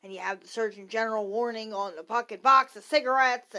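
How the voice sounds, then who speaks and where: Thirtysomething woman ranting on her podcast, kinda high voice, blunt, swears a lot, rambles all over. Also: a little fast, bright, forceful tone. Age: 30s. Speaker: podcast host. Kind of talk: casual opinion rant.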